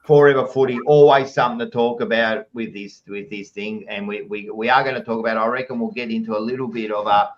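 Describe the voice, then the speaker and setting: An Australian man with a fairly low voice, hosting a casual footy podcast. He chats in a jokey, blokey way, throwing "mate" into almost every line. The recording sounds a bit dull and lo-fi. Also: fairly even intonation, quick pace, few pauses. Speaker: podcast host. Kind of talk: casual chat reading out live chat messages.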